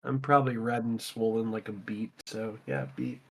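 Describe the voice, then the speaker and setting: A man's voice: lowish voice, moderate pace, creaky, slight background noise. A man streaming a game, casually handing out loot to his raid group and chatting as he goes. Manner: relaxed, talks loot through aloud.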